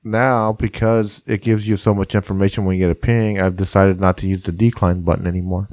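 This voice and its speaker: A man with a Southern Californian accent hosting a casual podcast, talking in a relaxed, rambling way with many fillers. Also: low-pitched, a little fast, no echo, studio quality. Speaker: podcast host.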